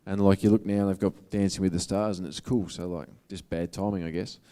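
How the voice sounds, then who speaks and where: A man with an Australian accent speaks as a motivational speaker in a casual, earnest way. His voice sits fairly low and sounds smooth and resonant. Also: steady tone, fairly quick, warm tone. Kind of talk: public talk to an audience.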